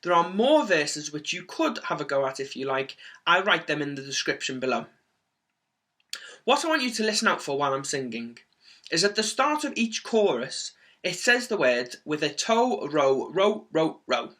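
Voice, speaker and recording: Bright, upbeat man teaching. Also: fairly high pitch, moderate pace. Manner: encouraging, clear and energetic delivery. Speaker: music teacher. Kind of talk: singing lesson for children.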